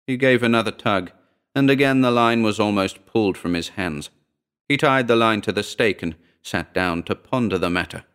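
A man narrates a short story in a steady, measured reading. His voice sits very low and comes across smooth and resonant.

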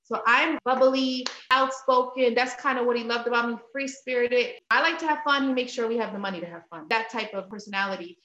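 In this muffled, reverberant recording, a thirtysomething woman talks candidly about faith and family as an interview guest. Her pitch is fairly high and she speaks fairly quickly, with few pauses. She relives her story with energy, voicing her own earlier words in a rising tone.

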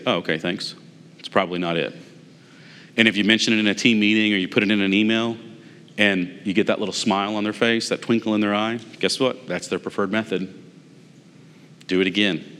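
A man's voice: on the low side, bright, forceful tone, big-room sound. A man giving a conversational leadership lesson to managers, telling a personal story and acting out bits of dialogue with emphasis. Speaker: management trainer.

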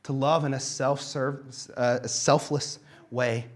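A young man preaching a sermon, telling stories in a casual, animated way with plenty of fillers. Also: medium pitch, takes it slowly. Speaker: pastor.

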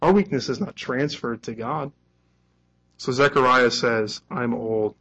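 A male pastor delivers a sermon in an easy, conversational manner. He slips into quoted lines with a bit of acting and a light chuckle, at an ordinary middle pitch. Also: a little slow, fairly bright tone, husky, poor audio.

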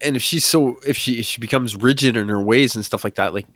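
A man co-hosting a casual podcast chat, animated and excited, full of fillers and acted-out quotes. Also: mid-range voice, quick pace, dry recording, clean studio sound. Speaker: podcast co-host.

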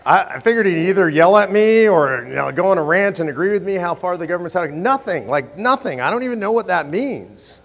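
A man telling a story to an audience in an animated, chatty way, often restarting his sentences. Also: sits high, a little fast, few pauses, big-room sound.

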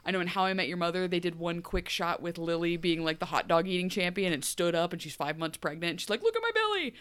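Rambling, animated woman podcast host. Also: lowish voice, quick pace, clean tone. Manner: animated, rambling, acts out quoted lines. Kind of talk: casual TV recap chat.

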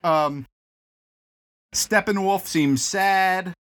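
A man's voice: sits high, very slow, fairly bright tone. Tired, laughing man reviewing a movie. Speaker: podcast co-host. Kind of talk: casual movie review chat.

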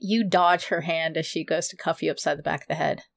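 Woman narrating slowly as game master. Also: steady tone, gravelly, no echo. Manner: slow, low-key descriptive narration.

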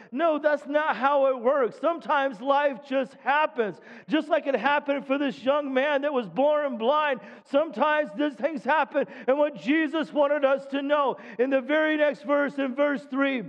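High-voiced preaching man, echoing hall. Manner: emphatic preaching with frequent call-outs for amen. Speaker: pastor. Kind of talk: sermon. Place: church sanctuary. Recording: dull sound with long hall reverb.

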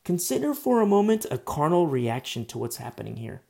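A man preaching a sermon in an emphatic, conversational way, swinging from loud bursts to hushed asides. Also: a little high, sing-song, brisk, vocal fry.

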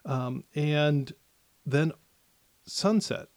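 A man narrating as game master of a tabletop game, with many pauses and restarts. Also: a little high, no room sound. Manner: hesitant, many fillers and restarts.

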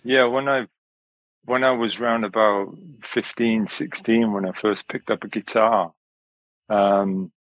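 A man from Wales, a yoga teacher and musician, talking as a podcast guest in a relaxed, rambling way. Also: on the low side, slow pace, dry recording, low-quality recording. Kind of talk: relaxed conversational interview.

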